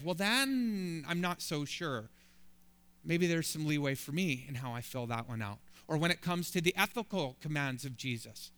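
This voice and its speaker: Bright, crisp-voiced male preacher. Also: a little high, lively intonation, moderate pace. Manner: builds emphatic, rising lists. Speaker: pastor. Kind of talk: sermon.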